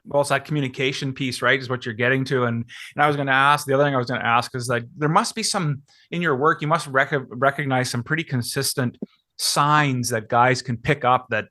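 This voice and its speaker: A man's voice: mid-range voice, fairly even intonation, fairly quick, sharp tone, dry recording, clean studio sound. A male podcast host asking long, winding questions in a conversational way. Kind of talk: interview questions.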